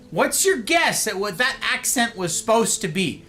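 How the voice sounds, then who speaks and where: A man's voice: sits high, sing-song, normal speed, few pauses, sharp tone. A man streaming a video game, joking playfully with his chat and putting on silly voices. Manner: playful, goofy, jokey voices. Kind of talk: live game commentary.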